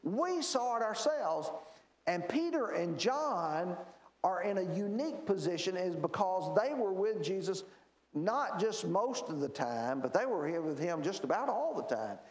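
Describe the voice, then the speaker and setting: A man's voice: high voice, animated, measured pace. A man teaching a Bible class in a church, explaining verses and asking the class rhetorical questions. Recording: echoey church room.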